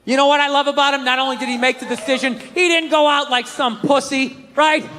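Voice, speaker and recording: A man's voice: extremely high pitch, steady tone, a little fast, sharp tone, slight background noise. A man performing a stand-up set, ranting in an exasperated, profane way. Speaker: stand-up comedian. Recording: live show with audience laughter.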